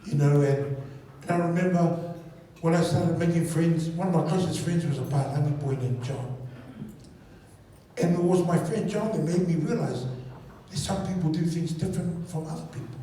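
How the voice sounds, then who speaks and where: A man with a high voice tells a stand-up story, animated and playful as he acts out scenes. He sounds far from the mic in a very echoey space. Noise sits behind him. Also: moderate pace. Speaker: stand-up comedian.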